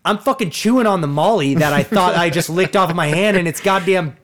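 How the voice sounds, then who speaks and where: A man's voice: high-pitched, brisk. A young adult man and podcast co-host, telling a long rambling story in casual chat and swearing freely.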